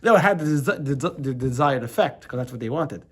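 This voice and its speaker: Speaking in a husky, expressive mid-range voice at a fairly quick clip, a middle-aged American rabbi runs an informal class. His talk is loose, full of restarts and repeated words, and he often checks with the room by asking "right?"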